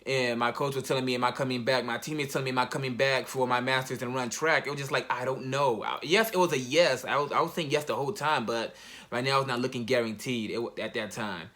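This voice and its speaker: Bright-voiced young man, casual slang. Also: medium pitch. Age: young adult. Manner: casual, slang-heavy, halting retelling. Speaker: college athlete. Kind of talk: personal storytelling.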